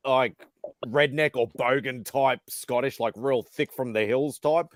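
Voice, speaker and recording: Australian man, host, casual panel chat, relaxed rambling talk, dry close sound, video call. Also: medium pitch, unhurried, no room sound.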